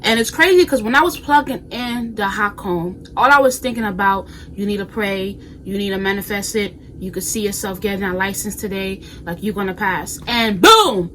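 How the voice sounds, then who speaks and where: A woman's voice: medium pitch, moderate pace, hardly any pauses, slight background noise, rough recording. A woman in her twenties from New York, chatting casually and animatedly to viewers in a home vlog. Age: 20s. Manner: animated, sassy, talks straight to viewers with slang. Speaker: vlogger. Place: bedroom at home.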